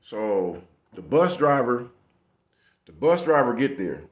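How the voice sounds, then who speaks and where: A man's voice: mid-range voice, slow. Man telling a street story, full of slang. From Los Angeles area. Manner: profane street slang, animated retelling with quoted dialogue. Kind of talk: casual storytelling.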